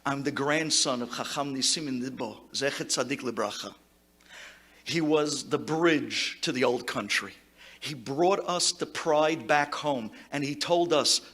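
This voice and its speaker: A man, a rabbi, giving an impassioned eulogy to a gathering, mixing Hebrew words into his English and swinging between loud exclamations and hushed tones. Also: mid-range voice, a little slow. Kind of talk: memorial speech to a gathering.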